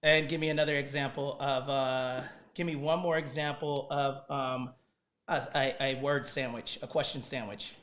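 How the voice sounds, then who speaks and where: A man hosting a casual livestream, moving between gently prompting questions and an eager sales-style address to his audience. He keeps checking in with "right?" and "okay?" and calls his viewers "guys.". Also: mid-range voice, fairly even intonation, normal speed. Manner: prompting, coaxing questions, then hyped direct address with repeated "guys". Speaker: host and parent coaching his kids.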